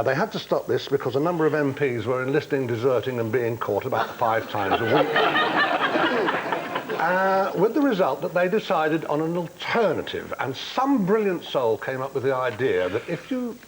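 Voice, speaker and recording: A man on a TV panel spins a droll, theatrical tale. His voice rises and falls with lively swings, and a faint hiss sits under it. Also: mid-range voice, moderate pace, low-quality recording. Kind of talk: witty panel storytelling. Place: TV studio.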